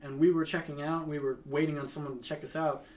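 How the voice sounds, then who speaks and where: A man's voice: fairly high pitch, level tone, fast talker, a little mellow, recorded from a distance. A young man chatting casually, joking and laughing in teasing banter. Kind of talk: casual chat.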